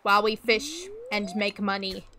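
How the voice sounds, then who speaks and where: A woman's voice: medium pitch, expressive, moderate pace, sharp tone. A young adult woman streaming a farming game, chatting casually to viewers and humming little sounds to herself as she plays.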